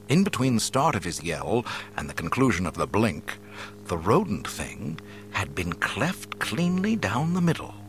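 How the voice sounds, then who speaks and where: Low-voiced, expressive male storyteller. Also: a little hiss or hum. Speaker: audiobook narrator. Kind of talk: scripted narration.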